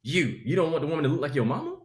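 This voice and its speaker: A man with a Southern drawl talks at a rapid clip, his voice sitting a little high. He riffs like a preacher with comic asides. The call has a roomy, echoing sound. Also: wildly swooping pitch. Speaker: comedian guest. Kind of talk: animated interview talk. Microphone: video call.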